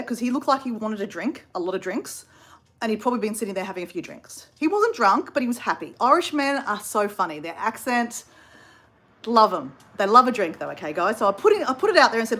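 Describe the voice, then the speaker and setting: A woman's voice: fairly high pitch, sing-song, brisk, fairly bright tone. An Australian woman in her fifties telling a travel story in a chatty way, full of asides to viewers. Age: 50s.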